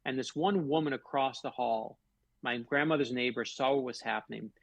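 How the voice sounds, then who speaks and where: A middle-aged man from Florida tells heartfelt stories as a guest on a radio show. His voice is gravelly and husky, and he leans hard on the big lines. The sound is close and dry. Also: medium pitch, normal speed, no echo. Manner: heartfelt, emphatic, builds stories to a punch. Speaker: author guest. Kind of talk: earnest storytelling in a radio interview.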